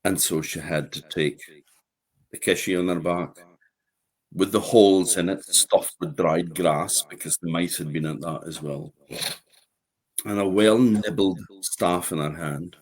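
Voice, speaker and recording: A man with an Orkney accent telling a folk tale in a lively, animated way. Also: low-pitched, unhurried, breathy edge. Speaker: storyteller.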